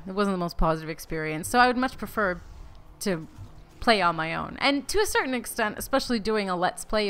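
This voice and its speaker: A woman's voice: medium pitch, fairly bright tone. Give me a chatty, candid woman rambling through gameplay commentary in a mid-range voice. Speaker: Let's Play host.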